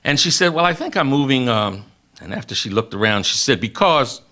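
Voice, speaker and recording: A man's voice: mid-range voice, big pitch swings, brisk, bright, forceful tone. A man giving an impassioned speech as a radio guest, repeatedly addressing one listener directly and building emphasis.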